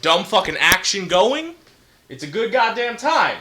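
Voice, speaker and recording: A man's voice: high-pitched, sing-song, a little slow, noisy background. A man co-hosting a casual movie review chat in an exaggerated radio voice, swearing constantly.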